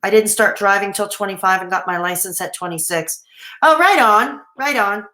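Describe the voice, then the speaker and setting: Her mid-range voice comes out pushed and bright at a normal speed as she reads messages from the live chat and responds. She's a Canadian woman in her thirties hosting a casual, rambling late-night stream, recorded in a room with echo.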